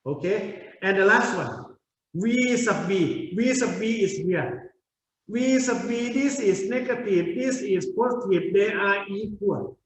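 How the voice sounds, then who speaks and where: A man's voice: high voice, slow, slight background noise. A male university lecturer giving a lecture, explaining step by step and often checking in with "okay?". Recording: roomy, dull lecture recording.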